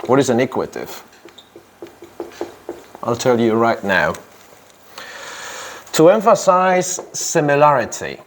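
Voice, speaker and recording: A man teaching an English grammar lesson in a classroom, speaking deliberately, stressing key words and quizzing his students. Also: medium pitch, sing-song, slight background noise.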